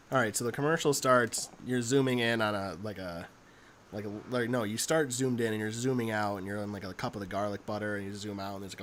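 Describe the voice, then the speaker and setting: A young man co-hosting a podcast in casual chat, teasing and quick to laugh. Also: on the low side, a bit bright. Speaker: podcast co-host.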